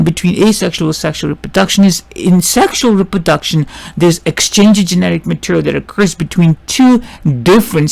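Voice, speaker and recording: A man's voice: high-pitched, creaky. A man teaching biology in a casual lecture, often restarting sentences, asking himself questions and checking in with his listeners. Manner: halting, with many restarts and rhetorical questions; checks in with "see?" and "right?". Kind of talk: informal classroom lecture.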